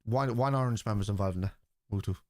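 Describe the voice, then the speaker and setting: This man's voice sits on the low side with a darkish tone and a quick pace, captured in clean studio sound without echo. Answering viewers in casual chat on a live football stream, he swears freely and comes across as blunt and argumentative.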